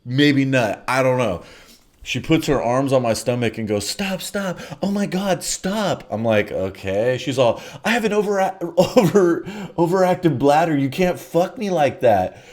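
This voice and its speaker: Blunt, offhand man telling a crude story. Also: mid-range voice. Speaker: comedic storyteller.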